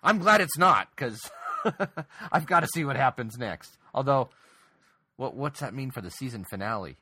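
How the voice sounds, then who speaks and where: A man's voice: mid-range voice, expressive, normal speed, bright, forceful tone, breathy edge, dry recording. Male podcast host, dry close sound, loose and playful, stumbles and restarts a lot. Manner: playful, rambling with repeated restarts. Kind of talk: casual podcast chat.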